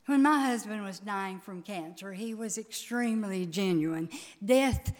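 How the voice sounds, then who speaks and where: A woman preaching a sermon, emotive and emphatic, with sudden loud peaks. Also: mid-range voice, a little slow. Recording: long reverb of a large hall.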